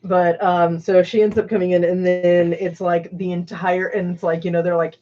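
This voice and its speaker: A woman's voice: lowish voice, little pitch movement, moderate pace, mellow. A woman hosting a livestream, chatting casually with many fillers and laughs. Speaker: stream host. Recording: dull lo-fi stream audio.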